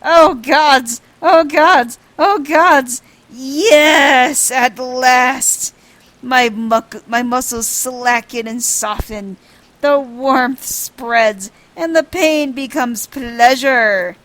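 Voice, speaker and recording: Woman putting on a pompous dramatic gentleman. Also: sits high, drawn-out words, no room sound, voice pushed up, heavily acted. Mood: melodramatic. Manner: grandiose, melodramatic, overblown delivery. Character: pompous theatrical male gentleman adventurer.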